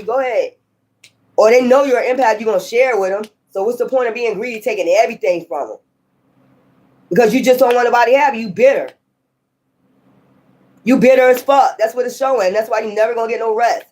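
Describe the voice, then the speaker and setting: A woman reads tarot cards in a loose, unscripted style. She is blunt and scolding, curses freely and laughs often as she talks to her viewers. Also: fairly high pitch. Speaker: tarot reader. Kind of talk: casual tarot reading.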